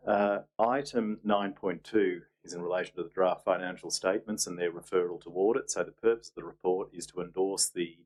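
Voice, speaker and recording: A man's voice: sits low, steady tone, a little fast, few pauses, darkish tone, rough recording. A man chairing a council meeting as mayor, businesslike with dry asides.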